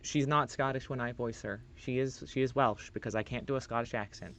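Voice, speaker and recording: A man's voice: medium pitch, fairly even intonation, brisk, fairly bright tone. Rambling man streaming a role-playing game. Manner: rambling and loose, swears casually; reads game text aloud. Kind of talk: casual gameplay commentary.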